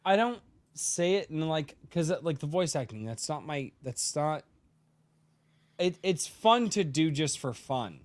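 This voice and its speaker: A man's voice: on the high side, animated, measured pace. A man hosting a casual podcast chat, rambling and swearing freely, a bit tipsy from drinking. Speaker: podcast host.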